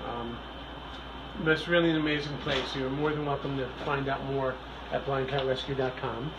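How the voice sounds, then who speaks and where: A man's voice: mid-range voice, fairly even intonation, normal speed. A middle-aged man volunteering at a shelter, chatting playfully and joking about himself on a phone video tour. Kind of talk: casual live-stream tour chat. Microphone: handheld phone camera. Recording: phone video with clear background noise.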